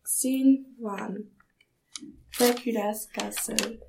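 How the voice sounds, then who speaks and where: Slow, careful young girl narrating. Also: fairly high pitch, fairly even intonation, noisy background. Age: child. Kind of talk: school reading of a class play.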